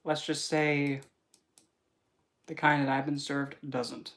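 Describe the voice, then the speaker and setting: A young man, a spiritual reader, chatting casually on a livestream and telling rambling, animated stories with many fillers. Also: on the high side, slow.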